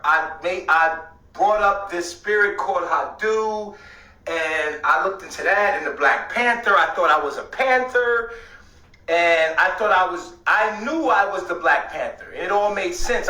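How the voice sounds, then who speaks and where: A man telling a rambling story in casual talk, swearing often and at times breaking into shouts. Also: high-pitched, recorded from a distance. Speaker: host. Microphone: streaming setup. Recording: echoey room, away from the mic.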